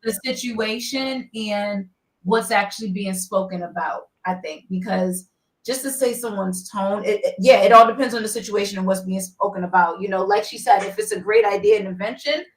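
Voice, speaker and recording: A woman's voice: mid-range voice, moderate pace, roomy sound, poor audio. A woman co-hosting a live panel talk, speaking animatedly and passing along what others have said. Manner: animated, relaying others' comments. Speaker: co-host.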